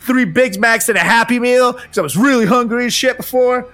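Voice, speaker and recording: A man's voice: very high voice, normal speed, fairly bright tone, no echo, soft background music. A young man hosting a comedy podcast, telling a funny personal story in a profane, laughing, playful way.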